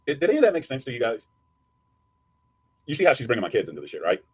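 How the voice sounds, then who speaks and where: A man's voice: mid-range voice, huge pitch swings, rapid-fire, slightly rough, dry recording. A man giving a crude, taunting rant as a streamer answering a critic. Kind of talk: profane ranting commentary.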